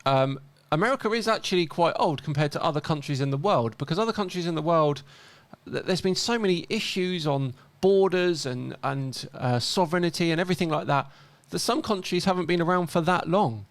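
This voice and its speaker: A man's voice: fairly high pitch, a little fast, dry recording. A man giving casual commentary as a host, reading out posts and mocking their mistakes with dry humour. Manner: wry, mocking, chuckles at mistakes.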